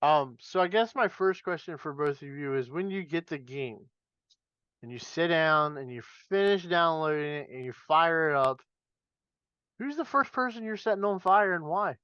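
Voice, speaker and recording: A man's voice: on the high side, expressive, moderate pace, fairly bright tone, clean tone, no room sound, lo-fi sound. A man hosting a podcast, leading casual wrestling chat and laughing easily. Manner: leads questions, laughs easily. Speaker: podcast host.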